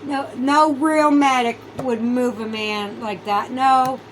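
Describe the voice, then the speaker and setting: A woman's voice: high-pitched, fairly even intonation, takes it slowly, slight background noise, low-quality recording. A woman vlogger in a casual, heated monologue, swearing a lot and sounding sarcastic and incredulous. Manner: heated, profane, ranting.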